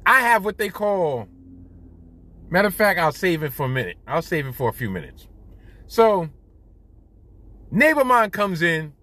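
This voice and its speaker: A middle-aged man hosting a podcast, telling stories in an animated, profane, self-mocking way. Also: high voice, moderate pace, long pauses. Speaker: podcast host. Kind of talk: casual storytelling monologue. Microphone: studio podcast mic.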